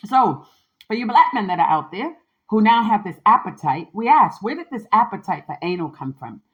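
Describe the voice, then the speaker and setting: A woman with a medium-pitched, sing-song voice hosts a podcast at normal speed, though the recording sounds muffled. In a candid, casual monologue she speaks with emphasis and sass, using plenty of slang and tagging her points with "okay?"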